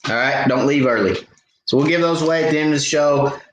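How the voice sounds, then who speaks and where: A man's voice: a little high, fast. This is a middle-aged man with a drawl, hosting a live Q&A for his fishing channel. He talks in an easygoing, chatty way and drops in plenty of "uh"s. His voice bounces around an echoey room with a faint hiss behind it. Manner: laid-back, chatty, frequent "uh" fillers. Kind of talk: live stream Q&A chat.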